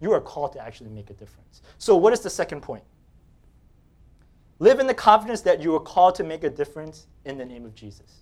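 Delivering a sermon in a high voice, this Staten Island, New York man keeps it conversational and jokey. He shares personal stories and laughs frequently along the way.

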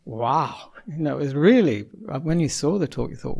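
A man's voice: fairly high pitch, expressive, brisk, vocal fry, few pauses, a little mellow. A man, a Buddhist monk, giving an informal Dhamma talk, chatting with the audience, asking them questions and chuckling often. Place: Melbourne.

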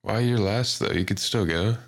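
Laid-back male podcast co-host, very low voice, relaxed casual replies. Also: normal speed. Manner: laid-back, laughing along with short replies. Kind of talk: casual chat.

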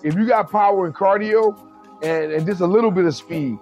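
Animated high-voiced man in casual chat. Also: fairly quick, faint music behind. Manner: animated, profane, acts out quotes.

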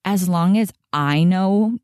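A woman's voice: fairly low pitch, slow, smooth, no room sound, studio quality. A young adult woman hosting a podcast and telling a personal story in a casual, chatty way, often saying "like" and acting out what others said. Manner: chatty, says "like" often, quotes others in animated asides. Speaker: podcast host.

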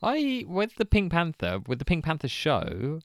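A man's voice: a little high, huge pitch swings, a little slow, dry recording. A man co-hosting a podcast, reading out listener answers with dry, understated humour. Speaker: podcast co-host.

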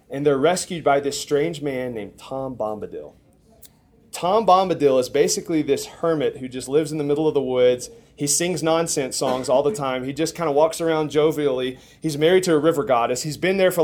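A young man preaching with a fairly high voice. He tells a story in a lively way, building to loud excitement and then dropping to a hushed intensity. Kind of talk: sermon.

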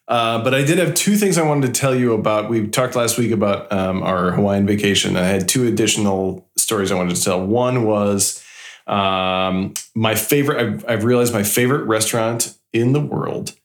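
A man's voice: on the low side, normal speed. A man co-hosting a podcast, telling a rambling story in casual chat and laughing often. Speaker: podcast co-host. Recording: roomy echo.

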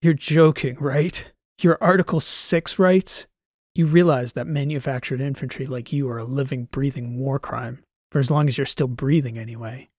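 A man voicing a hard, cynical male veteran soldier who talks gruffly and with contempt. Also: mid-range voice, steady tone, normal speed, darkish tone, dry recording, clean studio sound, close to an everyday voice. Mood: menacing contempt.

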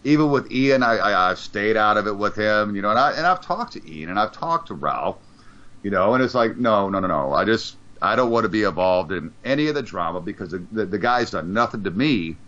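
A man's voice: on the low side, lively intonation, brisk, fairly bright tone. A man chatting casually on a podcast, rambling and swearing, stumbling over repeated words. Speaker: podcast co-host. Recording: dull lo-fi sound.

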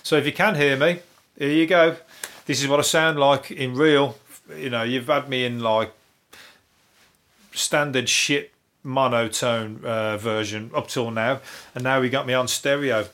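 A man with a broad Brummie accent talks alone into his new podcast microphone. He rambles from topic to topic, swearing freely and chuckling at his own crude jokes. His voice sits at an ordinary middle pitch. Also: fairly even intonation, measured pace, fairly bright tone. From Birmingham, England. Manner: swearing, chatty, laughing asides. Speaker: solo podcast host.

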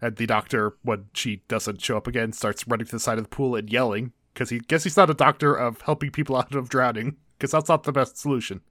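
A man's voice: mid-range voice, fairly even intonation, fairly quick, hardly any pauses, fairly bright tone, no echo, clean studio sound. A man co-hosting a casual recap chat, walking through the plot in a wry, laid-back way. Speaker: podcast co-host.

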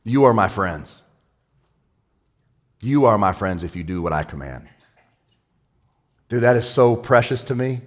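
A male pastor giving a sermon in a casual, excitable way, with everyday slang. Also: lowish voice, unhurried, pauses often.

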